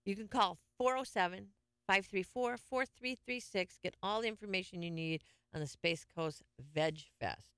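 A chatty radio host with a gravelly, bright voice that stays smooth and clear. Rambling and jokey, poking fun at themselves while talking with a guest in the studio. The sound is dry and close, with no room echo. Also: mid-range voice, normal speed. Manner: rambling, jokey, self-mocking. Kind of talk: casual on-air chat.

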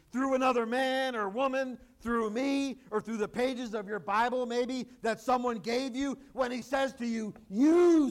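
High-voiced man preaching emphatically. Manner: emphatic preaching, rising to loud exclamations; conversational asides and rhetorical questions. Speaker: pastor. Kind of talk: sermon.

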